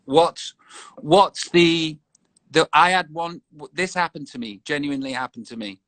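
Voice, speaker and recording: A man's voice: on the high side, normal speed, fairly bright tone, no room sound. A man from England, hosting a casual video-call chat in a rambling, jokey way. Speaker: host.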